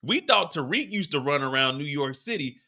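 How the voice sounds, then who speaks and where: A man hosting a live after-show, recapping a TV episode with animated, profane storytelling. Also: on the high side, normal speed. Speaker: host.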